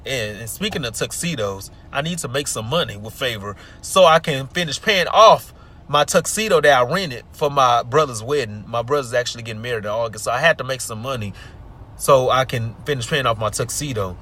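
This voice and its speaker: A man, venting in a story time vlog, swinging between loud outbursts and low mutters, recorded in a car. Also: a little fast. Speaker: vlogger.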